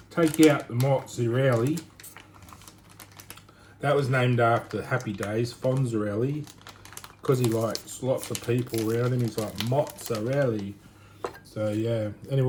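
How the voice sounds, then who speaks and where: Rambling man in a noisy kitchen. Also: mid-range voice. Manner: rambling, chatty, thinks aloud with restarts. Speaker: home cook vlogger. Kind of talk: casual cooking chat. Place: home kitchen. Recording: noisy home recording.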